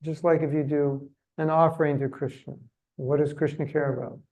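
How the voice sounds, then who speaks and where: A man's voice: a little high, flat delivery, normal speed, a little mellow, poor audio. A man giving a religious seminar talk in a chatty, humorous, self-deprecating way. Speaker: seminar speaker.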